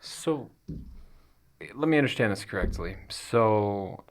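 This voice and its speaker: Jokey laid-back man, animated low voice. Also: slow. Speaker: player. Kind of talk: casual tabletop play chat.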